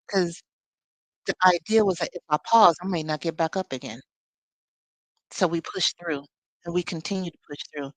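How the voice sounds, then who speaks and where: A woman's voice: fairly low pitch, steady tone, moderate pace, dry recording, low-quality recording. A woman leading a live spiritual teaching, talking expressively with sassy, conversational asides.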